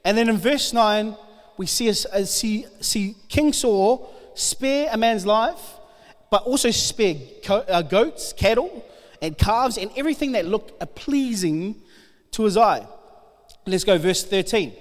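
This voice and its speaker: A man delivers a sermon with a notably high voice, reading a Bible story and playing out its speakers. His words ring through a church hall with a long, lingering reverb. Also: a little slow. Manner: animated, acts out the Bible figures' lines. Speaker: preacher. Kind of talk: sermon reading scripture aloud.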